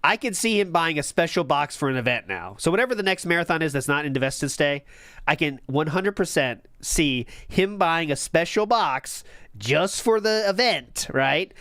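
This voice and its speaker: A man giving sarcastic, deadpan commentary while reacting to a clip on a stream. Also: fairly high pitch, normal speed, no echo, studio quality. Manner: sarcastic, deadpan asides, laughs often.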